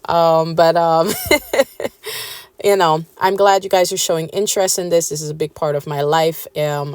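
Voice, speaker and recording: Chatty Guyanese woman, low voice. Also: smooth, no room sound. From Suriname, raised Guyanese. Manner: chatty, warm asides with many fillers. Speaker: gardening vlogger. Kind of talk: casual chat to camera.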